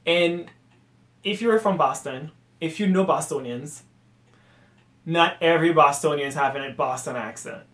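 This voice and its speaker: A man rants on his solo podcast in a high-pitched voice. He is animated and exasperated, then drops to quiet mutters. The room around him rings with a noticeable echo. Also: unhurried. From Haiti. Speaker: podcast host. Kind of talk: casual solo rant.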